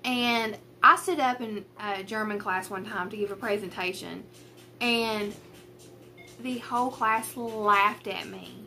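A young craft vlogger with a rural Southern US accent sits at a table at home, chatting to a tripod camera lit by a ring light about her cross-stitch projects. Her mid-range voice comes out slowly, pushed and bright, as she rambles and pokes fun at herself.

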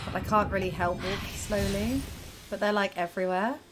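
A woman's voice: mid-range voice, fairly even intonation, brisk, background noise. A woman commenting while playing a video game, reacting aloud in a chatty, exclaiming way. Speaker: gamer. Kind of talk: let's-play commentary.

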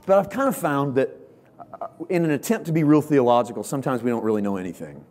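A man preaching a sermon as a pastor, telling the story playfully and rising to shouts at its peaks. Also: mid-range voice, lively intonation, fast talker.

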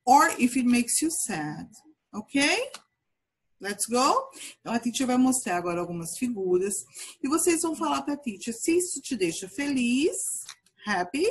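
A woman with a Brazilian Portuguese accent teaches English to small children in a slow, drawn-out sing-song. Her voice is fairly high and slightly husky, swooping up and down as she repeats each phrase. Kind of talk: children's language lesson.

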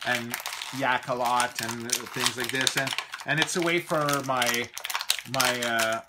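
A man's voice: mid-range voice, fairly even intonation, slow, heavy background noise. A Canadian man hosting a live toy review stream, chatting casually and rambling, often trailing off mid-thought.

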